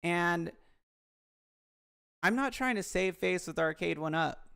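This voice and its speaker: Woman, vlog commentary, frank and rambling, gravelly fry, resonant. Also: lowish voice, lively intonation, takes it slowly, fairly bright tone. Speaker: YouTuber.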